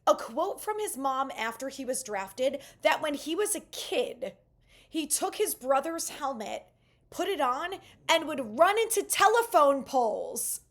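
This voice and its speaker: A woman's voice: high-pitched, unhurried. A young woman hosting a sports channel, giving casual, enthusiastic fan commentary. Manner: enthusiastic, animated fan talk.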